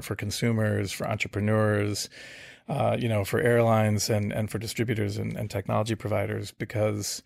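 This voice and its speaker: A middle-aged man answers interview questions about his career in a low, gravelly voice. He talks reflectively and restarts his sentences often. The sound is dry and close. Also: darkish tone, dry recording. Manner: reflective, with many fillers and restarts. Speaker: startup founder.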